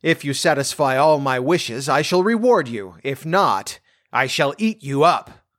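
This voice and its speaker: A man voicing a menacing old female witch in a storybook reading, with a shrill, strange-sounding voice. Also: expressive, unhurried, a bit bright.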